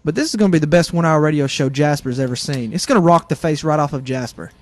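A man's voice: fairly high pitch, fast, darkish tone, dry recording. A man co-hosting a casual comedic radio show, rambling through self-deprecating stories.

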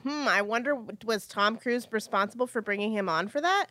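Female podcast co-host, higher and bright, dry close sound, relaxed and wry. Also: fairly quick, slight background noise. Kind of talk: casual chat.

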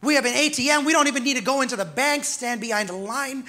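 A male pastor preaching with a very high, forceful voice. He swells louder and then drops quiet by turns and calls out to the congregation as he goes. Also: fast. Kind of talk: sermon.

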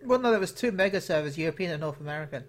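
Brief: English male podcast co-host, high voice, rambling casual chatter. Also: lively intonation, rapid-fire, slight background noise. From England. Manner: chatty, laughs easily, rambling restarts. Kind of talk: casual chat.

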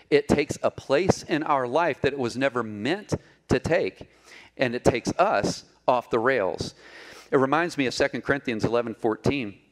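A middle-aged man preaching a sermon as pastor, telling stories with humor and joking with the congregation. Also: medium pitch. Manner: animated storytelling, jokes with the congregation.

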